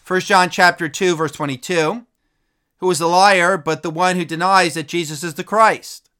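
A man, a pastor giving a measured radio Bible lesson and reading scripture aloud. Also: sits high, steady tone, sharp tone, smooth.

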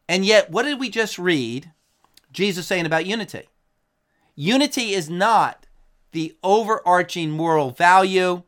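Man, preacher, higher pitch, earnest, emphatic, sermon. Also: lively intonation, unhurried, fairly bright tone. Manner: earnest, emphatic, reads quotes aloud. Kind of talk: sermon with scripture and news quotes.

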